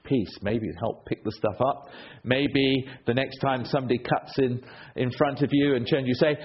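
A man preaching a sermon, telling stories with a rhetorical delivery that swings between loud and hushed. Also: a little high, animated, moderate pace, a little hiss or hum. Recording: dull lo-fi recording.

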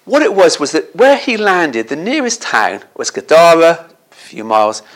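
Man, preacher, storytelling sermon, animated, swooping delivery, slightly high voice. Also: moderate pace. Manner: animated, asks the listeners tag questions.

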